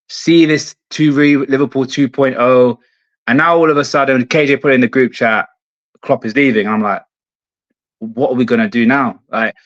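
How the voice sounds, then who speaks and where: A man's voice: medium pitch, fairly bright tone. A man calling in as a football fan guest, stunned and blunt, swearing, over an earphone mic. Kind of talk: casual podcast chat. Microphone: earphone mic on a call. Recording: dull lo-fi call audio.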